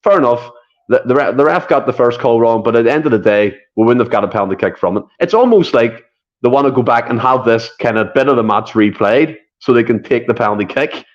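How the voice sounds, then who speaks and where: A man's voice: medium pitch, animated, fast talker, muffled recording. A Scottish man co-hosting a football podcast, talking earnestly and building on his co-host's points. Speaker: podcast co-host. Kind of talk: casual football chat.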